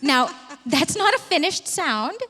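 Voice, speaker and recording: High bright-voiced woman vocal coach. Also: unhurried, faint music behind. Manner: energetic, demonstrates by singing short phrases. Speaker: vocal coach leading a workshop. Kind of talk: live workshop teaching. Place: large hall with live audience. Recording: reverberant hall.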